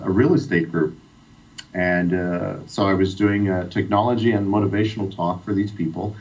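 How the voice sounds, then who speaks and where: A middle-aged man from Iran telling a heartfelt personal story as a guest on a radio interview. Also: fairly low pitch. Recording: distant, dull radio sound.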